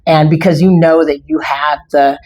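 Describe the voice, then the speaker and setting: A woman's voice: deep voice, fairly even intonation, a little mellow. A woman hosting an interview, asking questions in a chatty way and reacting often. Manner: chatty, quick affirming reactions. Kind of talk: interview conversation.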